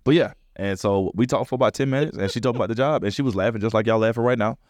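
A man's voice: fairly low pitch, rapid-fire. A man, a comedian, telling stories in a casual interview, acting out the voices of people in them. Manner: animated storyteller, acts out other people's lines. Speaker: comedian guest.

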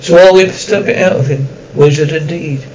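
A man's voice: fairly high pitch, normal speed, darkish tone, far from the mic, slight background noise, lightly acted, poor audio. A man voicing a blustering, contemptuous middle-aged uncle in an audiobook. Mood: scornful. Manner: gruff, contemptuous.

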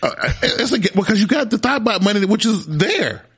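A man's voice: high voice, lively intonation, brisk, a bit bright, breathy edge. A man co-hosting a casual podcast, joking and laughing a lot, often repeating words as he talks. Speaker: podcast co-host. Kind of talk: casual banter.

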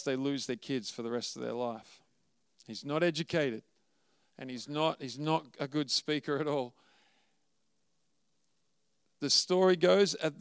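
A man's voice: a little high, clean tone, no echo. A man preaching a sermon and telling a story with rising emotion, at times close to tears. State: tearful at times. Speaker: pastor.

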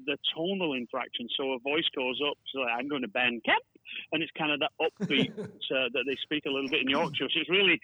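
A man's voice: on the high side, no room sound. A man with a northern English Bolton accent chats loosely on a podcast, circling back over his words as his stories drift. He comes through a thin, dry phone line. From England. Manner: chatty, rambling with repeated words. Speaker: podcast co-host joining by phone. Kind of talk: casual chat. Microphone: telephone.

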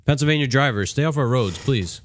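A man's voice: mid-range voice, expressive, a little fast, faint music behind. A man co-hosting a casual podcast, laid-back and rambling, with frequent restarts. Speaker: podcast co-host. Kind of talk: casual chat. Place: woodworking shop studio.

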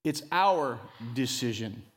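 A man preaching a sermon as pastor, emphatic and animated, often rising loud and dropping to a near hush. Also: slow, big-room sound. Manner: emphatic preacher who rises and drops in pitch and loudness, calling "come on".

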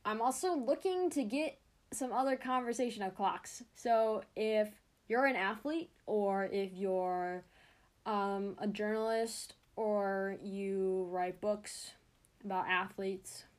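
A woman's voice: mid-range voice, slow. A young woman hosting her own sports podcast, talking in a chatty, rambling way and cutting herself off. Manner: chatty and rambling, self-interrupting. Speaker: podcast host. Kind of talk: casual solo podcast chat.

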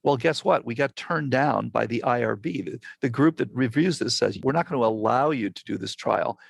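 A man's voice: mid-range voice, moderate pace, vocal fry, breathy edge, dry recording. An older man, a physician and researcher, telling a story in a conversational interview and acting out the exchanges he quotes.

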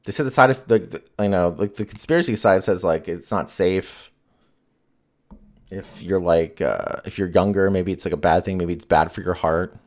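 This podcast host has a low voice and speaks at a moderate pace. His casual chat wanders all over, heavy with profanity and filler words.

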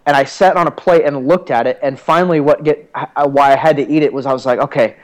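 A man's voice: fairly high pitch, steady tone, fast, low-quality recording. A young man co-hosting a podcast, telling self-deprecating stories in a rambling way with lots of fillers. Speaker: podcast co-host. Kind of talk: casual chat.

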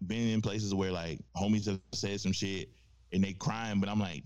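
A man hosting a casual podcast chat, animated and profane, acting out the voices he quotes. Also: lowish voice, normal speed, smooth. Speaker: podcast host. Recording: dull lo-fi sound.

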